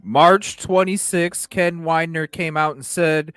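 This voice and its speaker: A man hosts a show and talks with heat and indignation, leaning hard on his words and swearing. He speaks slowly, in a dry, close sound with faint music underneath. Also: on the high side, fairly even intonation, a bit bright, clean tone, no echo. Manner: indignant, profane, emphatic. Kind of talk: heated commentary.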